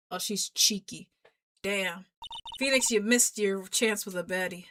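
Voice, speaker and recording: A woman streamer chatting loudly and jokingly while playing and reading out game dialogue. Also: medium pitch, measured pace, noisy background. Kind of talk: casual gameplay commentary and reading out game dialogue. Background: video game music.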